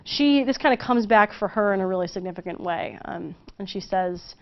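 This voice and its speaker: A woman's voice: medium pitch, moderate pace, dull audio. A woman teacher giving a casual, joking lecture, talking chattily with many fillers.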